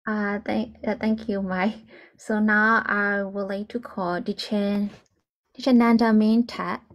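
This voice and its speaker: A woman's voice: mid-range voice, little pitch movement, slow pace. A woman moderating an online webinar, briefly calling on the next participant. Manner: brief, hands the floor to speakers. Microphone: video call.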